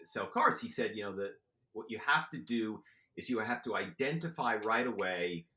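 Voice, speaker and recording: A man talking as a podcast guest, telling stories in a lively, chatty way with many "you know"s. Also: lowish voice, normal speed, reverberant. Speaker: podcast guest, former corporate spy. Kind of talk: animated storytelling.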